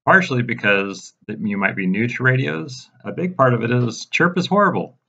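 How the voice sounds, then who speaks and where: A man giving a casual step-by-step software tutorial, walking viewers through settings in a mildly exasperated way. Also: mid-range voice, animated, moderate pace, vocal fry, muffled recording. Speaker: radio programming instructor. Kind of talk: screen-recorded software tutorial.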